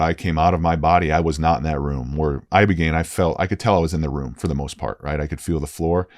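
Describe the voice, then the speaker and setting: A man's voice: extremely low pitch, a little mellow, dry recording, clean studio sound. A former football player in his forties, a guest telling a candid story in an earnest, emphatic way, often adding "right?".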